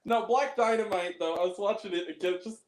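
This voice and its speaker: A man chatting casually about movies, excitable and laughing as he retells favorite jokes. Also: high voice, fairly quick, reverberant.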